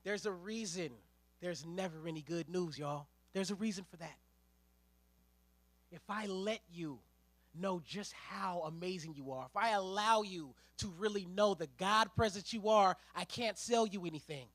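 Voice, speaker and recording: A man preaching a sermon as a ministerial intern, in a lively, conversational way with slang and storytelling. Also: high-pitched, unhurried, no echo.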